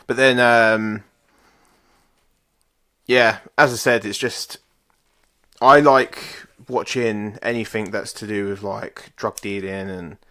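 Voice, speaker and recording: A chatty man on a podcast, talking through things at length. His voice is low but has a bright, forceful edge, and he swears in passing. He sounds like he is recommending something to a friend. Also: steady tone, slow, pauses often. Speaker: podcast co-host. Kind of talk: casual chat.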